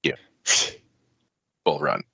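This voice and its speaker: A man's voice: drawn-out words, sharp tone, no room sound, highs cut off. A man co-hosting a podcast, reading notes aloud with profane, offhand asides. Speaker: podcast co-host. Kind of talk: casual reading of notes with banter.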